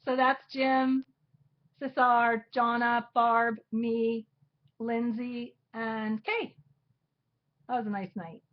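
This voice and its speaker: Woman, high voice, casual livestream chat, laughs often, dull lo-fi sound. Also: flat delivery, takes it slowly, pauses often. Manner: chatty, laughs often while flipping through photos. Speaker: co-host of craft livestream.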